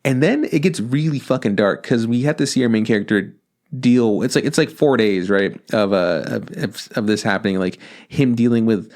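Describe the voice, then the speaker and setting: A man co-hosting a podcast, retelling a film's plot in a loose, animated, profanity-laced way and acting out the characters' lines. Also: medium pitch, normal speed. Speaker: podcast co-host. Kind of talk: casual podcast chat recapping a film.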